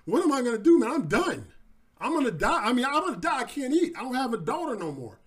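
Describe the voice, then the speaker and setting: A man doing a greedy excitable king. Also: very high-pitched, fast talker, exaggerated voice. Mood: despairing. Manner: slangy, frantic exclamations.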